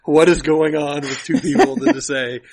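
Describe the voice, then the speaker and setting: A man chatting as a podcast guest, wry and quick to laugh. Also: a little high, sing-song, crowd noise. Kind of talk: casual podcast chat.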